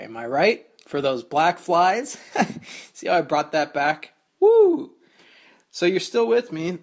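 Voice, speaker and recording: Dude podcast host just rambling solo, kinda high voice, gravelly, cusses casually. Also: male voice. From New Jersey. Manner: rambling, self-mocking, swears casually.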